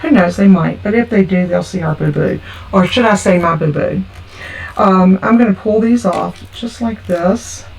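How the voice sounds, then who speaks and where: A woman's voice: mid-range voice, moderate pace, vocal fry, darkish tone. A woman, talking through a card-making tutorial in a chatty, homey way. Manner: chatty, homey, talks through each step. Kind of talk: casual craft tutorial. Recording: from a distance with faint background noise.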